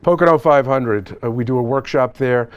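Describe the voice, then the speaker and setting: A middle-aged or older photographer telling animated, joking stories at a live seminar with slides. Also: male voice, medium pitch, normal speed, clean tone, highs cut off. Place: seminar event space.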